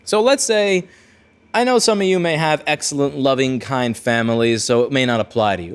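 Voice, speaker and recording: Rambling man telling a story. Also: fairly high pitch. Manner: rambling, self-correcting, blunt. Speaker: repair-shop video host. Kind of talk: casual storytelling monologue.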